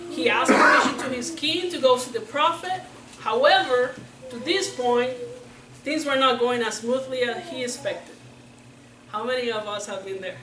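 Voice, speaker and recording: A woman from Puerto Rico preaching a sermon, telling a Bible story in a playful, animated way. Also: fairly high pitch, moderate pace, noisy background. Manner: animated, playful, acts out characters. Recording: roomy church sound from a distance.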